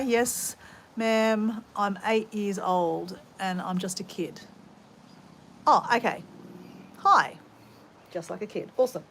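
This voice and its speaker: A rambling, chatty Australian woman talks to her viewers from her home garden, greeting people as she goes. She speaks into a phone camera, with a faint hiss behind her voice. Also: mid-range voice. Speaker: vlogger. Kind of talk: casual chat to live viewers while gardening.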